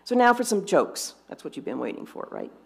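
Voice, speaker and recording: A woman's voice: deep voice, wildly swooping pitch, fairly quick, vocal fry, darkish tone, slightly rough. A woman lay presenter giving a sermon full of jokes, telling them dryly and unhurriedly with small restarts. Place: congregation fellowship service.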